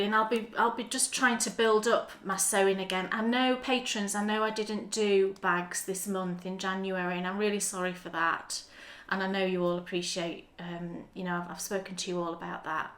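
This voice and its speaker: A woman's voice: medium pitch, fairly even intonation, normal speed, few pauses, pushed and bright, reverberant. A woman, co-hosting a knitting podcast in easygoing chat, showing off yarn and often restarting her sentences. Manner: chatty, restarts often, shows items to camera. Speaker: podcast co-host.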